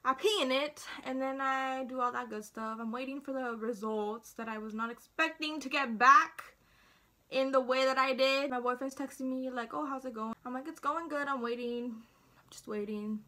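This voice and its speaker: A woman's voice: high voice, moderate pace, bright, forceful tone. A teenage girl vlogging in a chatty storytelling way, acting out what everyone said. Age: teens. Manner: chatty, dramatic, acts out quotes. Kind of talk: casual storytime.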